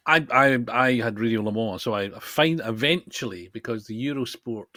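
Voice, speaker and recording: A man co-hosting a podcast, teasing and quick to laugh in casual chat. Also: medium pitch, pushed and bright, no room sound. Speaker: podcast co-host.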